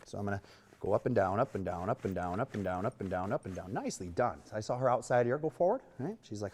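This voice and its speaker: A man giving a hands-on lesson as a horse trainer, with coaxing, rhythmic repeated cues and soft praise. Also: lowish voice, sing-song, fast, breathy edge. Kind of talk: hands-on instruction.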